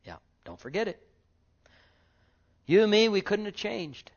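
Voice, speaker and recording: A man preaching a sermon with fervor, dropping to hushed murmurs and rising to loud exclamations, full of rhetorical questions. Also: high voice, sing-song, a little slow. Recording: dull lo-fi recording.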